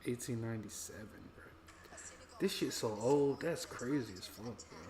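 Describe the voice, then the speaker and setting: A young American man co-hosting a footy watch-along, reacting excitedly and swearing casually as he reads chat aloud. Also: mid-range voice, normal speed, a crowd in the background. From United States. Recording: roomy echo.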